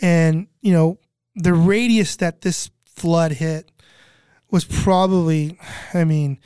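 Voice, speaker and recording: A middle-aged Californian man, a guest, tells about his flood relief work in casual chat, rambling, repeating himself, and acting out other people's voices. His fairly high voice is mellow, clear, and resonant, steady in tone and slow in pace. The recording is dry and studio-clean.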